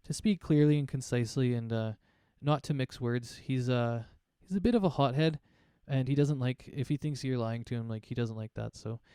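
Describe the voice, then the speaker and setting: A man acting as game master, narrating a tabletop game in a relaxed, rambling way with many fillers. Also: mid-range voice, normal speed, hardly any pauses, clean tone, no room sound, clean studio sound.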